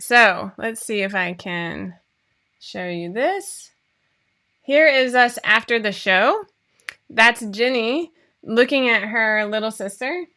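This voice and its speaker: A woman's voice: mid-range voice, pushed and bright. A woman in her forties hosting a casual chat for her viewers, talking in a chatty, rambling way with frequent laughs. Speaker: host of a sewing pattern show.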